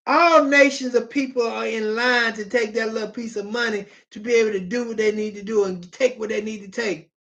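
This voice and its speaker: A preacher delivering an emphatic, pleading sermon, reading scripture aloud with repeated phrases and bursts of shouting. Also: mid-range voice, fairly even intonation, brisk, hardly any pauses.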